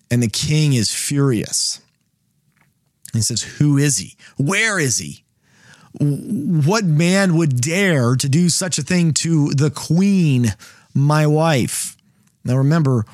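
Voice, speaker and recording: A man's voice: medium pitch, no echo, studio quality. Casual man hosting a Bible study. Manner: casual, animated retelling with quick asides. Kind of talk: podcast Bible teaching.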